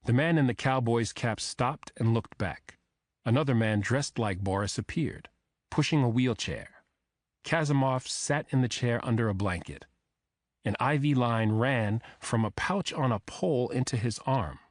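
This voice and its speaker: A man narrating a thriller audiobook in the first person, telling the story in a measured, even way. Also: mid-range voice, dry recording, clean studio sound.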